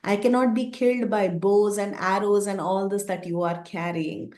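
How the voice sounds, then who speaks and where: A woman's voice: medium pitch, steady tone, moderate pace, darkish tone, reverberant, natural voice. A woman voicing a huge, ferocious male demon who boasts and threatens in a raised, commanding voice. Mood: menacing, boastful.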